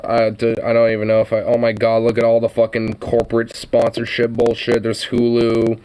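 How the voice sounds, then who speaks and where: A man's voice: mid-range voice, completely flat delivery, normal speed, few pauses, dark tone, clear, resonant tone. A man streaming a profane, mocking reaction to a news clip, exasperated and swearing heavily.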